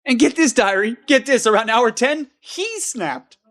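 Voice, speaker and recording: A woman as a high-voiced, sarcastic male game hero, dry sound, comedic diary monologue. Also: expressive, a little slow, no room sound. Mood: exasperated. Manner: sarcastic, melodramatic complaining. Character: long-suffering male game hero stuck in a cave.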